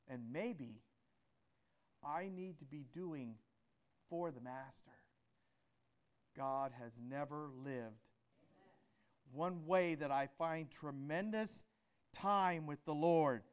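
A man preaching a sermon, asking the congregation rhetorical questions and swinging from loud emphatic peaks to low, quiet lines. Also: clean tone.

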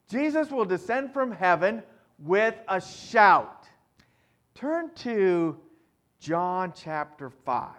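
A man preaching a sermon, swinging between loud emphatic lines and quiet asides as he reads and explains scripture. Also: sits high, creaky. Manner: reads scripture aloud with rising force. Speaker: pastor.

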